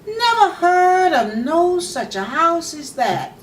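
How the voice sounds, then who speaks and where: Plain-spoken country farmer, read by a woman; unhurried, distant mic. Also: very high-pitched, very animated, a little hiss or hum, pitched above the performer's own voice, exaggerated voice. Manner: doubtful, then helpful. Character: plain-spoken farmer father painting a house. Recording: echoey room, mic far off.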